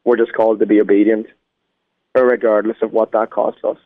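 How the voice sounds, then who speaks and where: A man's voice: on the low side, little pitch movement, brisk, no echo. An Irish man, a guest musician, talking earnestly in a phone interview. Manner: earnest, preacherly. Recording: tinny phone line.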